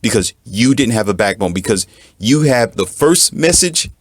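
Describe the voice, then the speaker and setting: A man's voice: medium pitch, animated, normal speed, no room sound. A man giving an emphatic, repetitive lecture as a relationship coach. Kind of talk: lecturing monologue.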